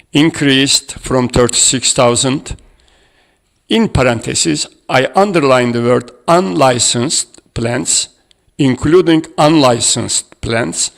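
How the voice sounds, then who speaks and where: Slow, gravelly man. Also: medium pitch. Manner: halting, hesitant delivery reading out figures. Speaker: conference presenter. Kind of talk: academic conference presentation. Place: conference room.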